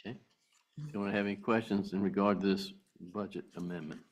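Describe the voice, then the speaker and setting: A man chairing a public board meeting, making brisk procedural calls for motions and votes. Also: on the low side, steady tone.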